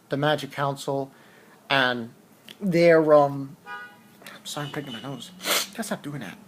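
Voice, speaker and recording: A man recaps a manga chapter in a loose, unscripted way, his nose audibly stuffy. He wanders through the plot, trips over his words and starts sentences again and again. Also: on the high side. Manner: rambling, hesitant, with frequent restarts and fillers. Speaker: manga reviewer. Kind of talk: casual chapter review.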